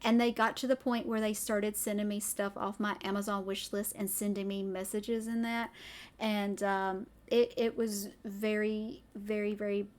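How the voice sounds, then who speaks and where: A woman from Tennessee with a Southern accent, chatting casually on a livestream, excitable and rambling off on tangents. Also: medium pitch, normal speed. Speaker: streamer. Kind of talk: casual chat.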